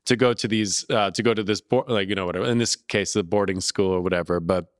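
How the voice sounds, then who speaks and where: A man co-hosting a podcast, talking in a rambling, profane way with sudden loud bursts. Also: on the low side, quick pace, smooth, no echo, clean studio sound. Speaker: podcast co-host. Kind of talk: casual chat.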